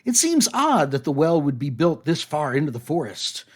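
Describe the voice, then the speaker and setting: A man narrating as game master of a tabletop game, slow and hesitant with many fillers. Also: on the high side, wildly swooping pitch.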